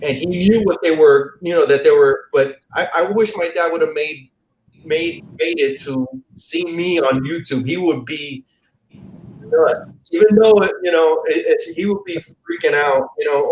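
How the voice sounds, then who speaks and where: A man's voice: on the high side, expressive, unhurried, a little mellow. A man from the Miami area, a comic YouTuber as guest, telling stories in a rambling way and often repeating words over a video call mic. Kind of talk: casual live-stream chat. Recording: roomy echo, faint hiss.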